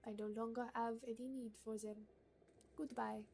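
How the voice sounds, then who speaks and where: A woman voicing a snobbish, demanding gourmet woman in a put-on French accent, reading game dialogue aloud in a drawn-out, theatrical way. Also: fairly high pitch, little pitch movement, vocal fry, mellow, faint music behind. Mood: wistful.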